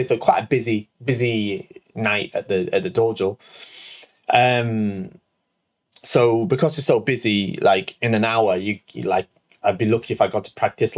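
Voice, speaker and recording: A man in his thirties, a show host, telling a rambling personal anecdote full of "like" and "right?". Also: mid-range voice. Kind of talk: casual storytelling.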